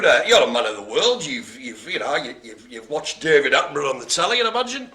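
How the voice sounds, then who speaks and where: A man's voice: medium pitch, very animated, fast, few pauses, bright, forceful tone, echoey room. A British man hosting a live bingo game with jokey, hammy banter. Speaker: bingo host. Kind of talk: live comic bingo calling.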